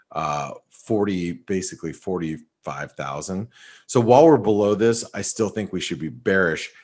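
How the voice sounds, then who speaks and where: A man hosting a trading webinar, talking casually with many restarts and fillers over a call mic. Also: low voice. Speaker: market analyst host.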